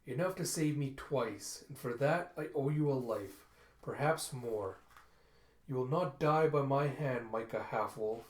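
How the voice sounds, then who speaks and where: A cold female inquisitor who speaks slowly and without hurry, put on by a man reading a comic aloud. She sounds like a middle-range voice caught in a roomy, echoing space. Nothing rushes her. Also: medium pitch, close to an everyday voice. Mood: measured.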